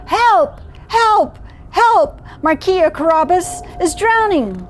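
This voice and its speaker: A woman's voice: a little high, expressive, takes it slowly, slight background noise. A woman voicing a clever, scheming male cat who bosses people and spins tall tales. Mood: frantic. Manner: urgent, bossy, persuasive.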